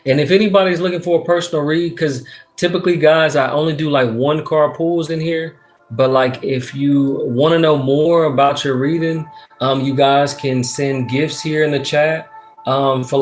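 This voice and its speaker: A man from Texas, casually chatting on a livestream as a tarot reader. He reads comments aloud, uses slang, swears freely and gives a lot of shout-outs. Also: medium pitch.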